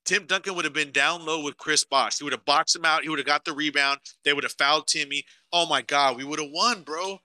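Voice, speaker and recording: A man's voice: a little high, fairly quick, few pauses, bright, forceful tone, no echo. A young man co-hosting a casual podcast, swearing a lot and ranting emotionally about sports to his live chat. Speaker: podcast co-host.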